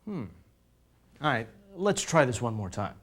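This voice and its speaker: A man's voice: medium pitch, big pitch swings, a little slow. A man giving scripted narration for an educational video, playful and theatrical in his emphasis.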